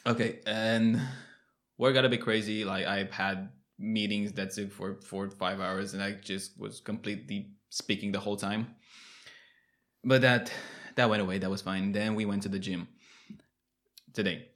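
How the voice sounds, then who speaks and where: A man with a lowish voice talks easily in casual podcast banter. He sounds laid-back and drops dry, teasing asides. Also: flat delivery, normal speed, fairly bright tone. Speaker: podcast co-host. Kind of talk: casual chat.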